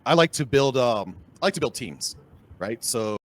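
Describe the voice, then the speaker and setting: Man, Boston accent, podcast host, upbeat, chatty, middle pitch. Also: expressive, moderate pace, loud music behind the voice. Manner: upbeat, chatty, repeats phrases. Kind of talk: casual interview.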